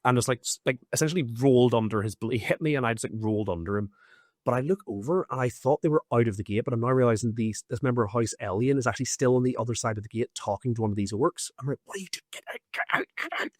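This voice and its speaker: A man hosting a podcast, recounting events in an animated, casual way with lots of fillers and swearing. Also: mid-range voice, very fast, dry recording, clean studio sound. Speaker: podcast host. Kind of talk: casual storytelling.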